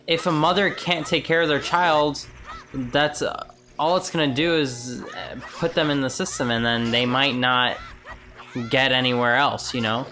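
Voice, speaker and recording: A woman with a very low voice, chatting casually while playing a video game. She talks in a relaxed way, often trailing off and laughing between thoughts. Faint music sits under her voice. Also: unhurried. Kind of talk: casual chat while gaming.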